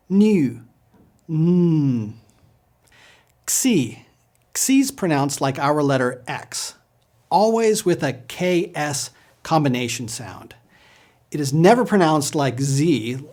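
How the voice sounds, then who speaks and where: A man's voice: a little high, expressive, a little slow, darkish tone. A man leading a patient pronunciation lesson, drilling sounds for the listener to repeat. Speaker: language teacher.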